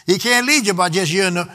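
A man's voice: high voice, bright, forceful tone. A man preaching a sermon emphatically and calling out to the congregation for responses. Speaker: pastor.

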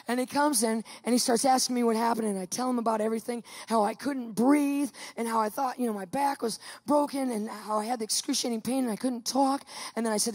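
Woman preacher, fairly high voice, storytelling testimony, acts out quotes. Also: a little fast, long reverb tail. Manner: animated storytelling, acting out quotes. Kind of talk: testimony sermon to a live audience.

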